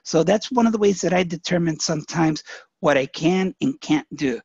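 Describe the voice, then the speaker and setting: High-voiced gravelly man coaching a team. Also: normal speed, darkish tone, no room sound. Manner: folksy storytelling with many "you know" fillers. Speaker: network marketing trainer. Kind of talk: motivational training talk. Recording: muffled lo-fi webinar audio.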